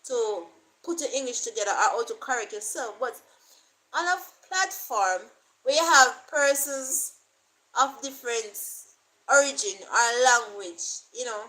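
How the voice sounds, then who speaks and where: A woman's voice: fairly high pitch, lively intonation, measured pace, bright, forceful tone, low-quality recording. A Jamaican woman vlogger chatting casually to camera, rambling and repeating herself as she thinks aloud.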